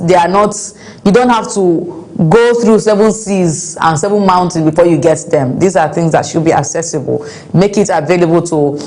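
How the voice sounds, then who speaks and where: A woman talks through the day's stories with emphatic exasperation. Her voice sits low and mellow, and she circles back to hammer the same point. Her delivery is casual and conversational. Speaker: news commentary host. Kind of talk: casual commentary on news and viewer comments.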